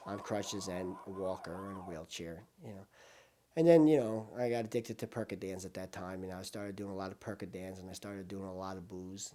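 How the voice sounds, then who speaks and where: Sitting low in pitch, an elderly man tells a documentary interviewer about his past. His voice swings from loud, emotional bursts down to hushed asides.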